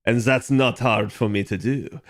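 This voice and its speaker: Unhurried and fairly even in intonation, this young man's mid-range voice carries a casual, rambling chat with his stream viewers from home. Fillers are everywhere, and he reads the chat aloud.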